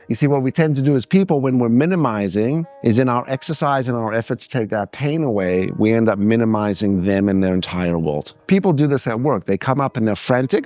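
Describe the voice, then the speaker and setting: Animated man telling stories on stage. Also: medium pitch, fairly quick, soft background music. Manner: animated storyteller, mimics other voices. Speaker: speaker. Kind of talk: seminar talk with acted-out anecdotes.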